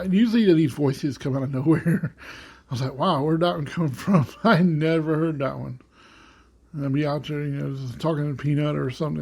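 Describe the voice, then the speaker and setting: Into a home desk microphone, a man hosting his own podcast wanders through an easygoing monologue, packed with filler words and false starts. He has a slightly high, gravelly and warm voice.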